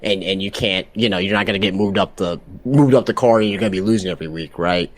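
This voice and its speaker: Low-voiced man rambling with fillers. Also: fast talker. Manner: rambling, heavy fillers, asks for agreement. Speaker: podcast guest. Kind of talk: casual wrestling chat.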